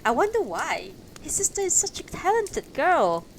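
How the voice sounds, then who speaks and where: A woman voicing a loud, cheerful middle-aged male painter with an upbeat, hearty way of talking, in a storybook reading. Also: high-pitched, wildly swooping pitch, moderate pace, slight background noise, voice pushed up, exaggerated voice, rough recording. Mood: jovial.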